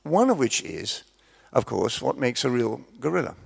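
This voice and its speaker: Gravelly man telling jokes. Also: medium pitch, sing-song, moderate pace. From Scotland. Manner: chatty, self-deprecating, tells jokes. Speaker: preacher. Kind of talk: sermon with humorous storytelling.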